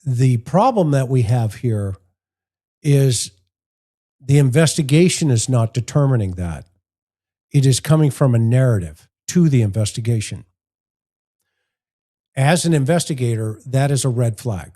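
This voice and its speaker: A former investigator now hosting a show speaks in a warm, mid-range voice with lively intonation, a measured pace, and long pauses. He offers plain-spoken commentary on press conference clips, working through his points one by one and acting out anecdotes.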